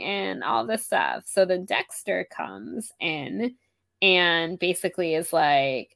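A woman's voice: fairly low pitch, normal speed, gravelly, no echo. A woman co-hosting a casual book podcast, recapping chapters and acting out the characters' lines, laughing often. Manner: animated, acts out characters' lines while recapping. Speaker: podcast co-host. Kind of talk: casual book club chat.

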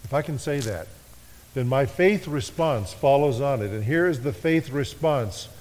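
Pastor preaching in an echoey sanctuary. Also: male voice, mid-range voice, lively intonation. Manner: leads the congregation in call-and-response; slows and drops to a hush on key phrases. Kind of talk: sermon. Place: church sanctuary. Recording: echoey worship hall.

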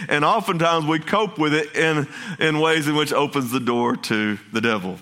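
Bright-voiced passionate pastor. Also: male voice, on the high side, normal speed. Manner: passionate, repetitive restarts, folksy asides. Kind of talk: sermon.

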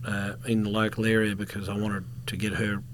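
A man's voice: lowish voice, flat delivery, a little fast, slight background noise. A middle-aged Australian man, a former police officer and security contractor, telling rambling anecdotes as a podcast guest and coughing now and then. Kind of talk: casual storytelling interview.

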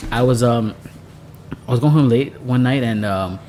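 A man co-hosting a podcast, telling stories in an animated casual way with frequent laughter. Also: medium pitch, normal speed, a little hiss or hum. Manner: animated storyteller, laughing often. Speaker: podcast co-host. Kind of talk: casual chat.

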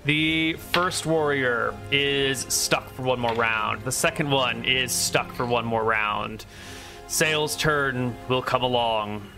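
A man's voice: mid-range voice, music in the background. A man narrating as game master in a tabletop role-playing game. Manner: measured, descriptive narration.

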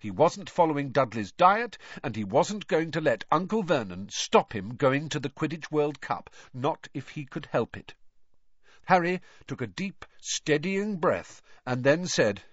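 A man narrating a storybook in an expressive, dramatic reading. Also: fairly high pitch, measured pace, slightly rough, no room sound. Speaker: audiobook narrator. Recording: dry, slightly dull recording.

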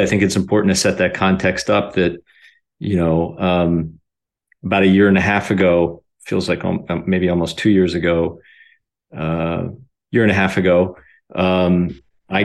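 A man, an author, being interviewed on a podcast, starting slowly with many pauses and restarts. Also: low voice, creaky. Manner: hesitant, many ums and restarts. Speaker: guest, author.

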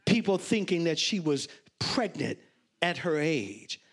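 A pastor preaching a sermon, telling a story with loud, animated exclamations. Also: male voice, a little high, a little slow.

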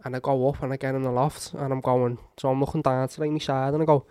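A young man telling a story in casual chat among friends, swearing and acting out shouts. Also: mid-range voice, quick pace, few pauses, clean tone, dry recording, studio quality. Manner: animated storytelling, swears a lot, acts out shouts.

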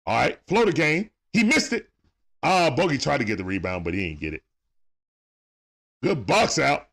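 A man hosting a sports talk livestream, giving casual play-by-play as he watches a game, shouting at big plays and greeting viewers. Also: a little high, sing-song, normal speed, gravelly, pauses often. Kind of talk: live play-by-play watch-along commentary.

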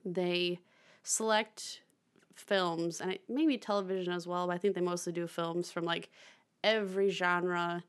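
A woman's voice: fairly low pitch, steady tone, a little slow, clear, resonant tone. A young woman co-hosting a film podcast, chatting casually with lots of fillers, restarts and laughter. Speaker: podcast co-host. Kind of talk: casual chat about films.

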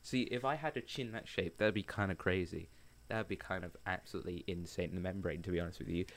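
A man's voice: sits low, fast. A young man co-hosting a casual podcast, playful and jokey, chatting and drawing a game. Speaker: podcast co-host. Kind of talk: casual chat.

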